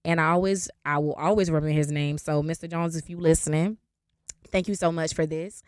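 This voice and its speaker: Twenty-something woman spilling a story on her podcast, lively and animated, dry close sound. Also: deep voice, brisk, smooth, no room sound. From Raleigh, North Carolina. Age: 20s. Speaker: podcast host. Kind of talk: casual story time monologue.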